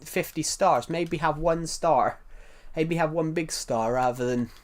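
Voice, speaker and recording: A young man with a southern English accent and a slightly higher voice rambles casually through a game live stream. He reads viewer comments aloud, restarts his sentences and repeats phrases as he goes. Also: measured pace. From southern England.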